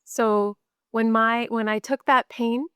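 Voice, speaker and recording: Middle-aged woman from canada telling her nursing story, frank, repeats herself for emphasis, crisp voice. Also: fairly high pitch, steady tone, slow, fairly bright tone, no room sound, clean studio sound. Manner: earnest, candid, repeats words for emphasis. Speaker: guest, mental health nurse. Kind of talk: podcast interview storytelling.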